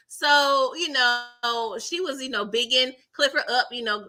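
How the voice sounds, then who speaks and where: Bright, animated woman recapping a show. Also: sits high, unhurried, few pauses. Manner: animated, chatty, laughs often, heavy slang. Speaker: TV recap host. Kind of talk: casual live recap commentary.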